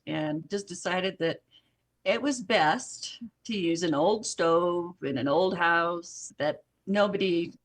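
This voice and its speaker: A middle-aged woman telling stories in a casual podcast conversation as a guest. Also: on the low side. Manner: storytelling, chatty with laughs. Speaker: guest, jelly company owner.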